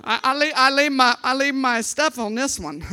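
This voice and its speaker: An older woman preaching a sermon, swinging from fervent shouted exhortation to soft, confiding asides, often stumbling over repeated words. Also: high voice, lively intonation, moderate pace.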